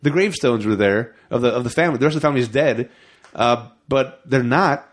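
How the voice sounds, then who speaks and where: A man's voice: medium pitch, fast talker. A man co-hosting a casual movie podcast, who mostly answers in short replies and then lays out his own theories at length. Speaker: podcast co-host. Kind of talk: casual movie review chat.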